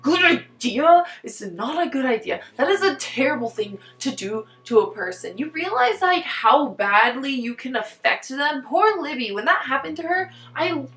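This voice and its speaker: Excitable chatty woman, roomy echo. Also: high voice, normal speed, hardly any pauses. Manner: excitable and rambling, heavy use of "like". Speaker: book reviewer. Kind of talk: casual book talk vlog. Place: top-floor apartment at home.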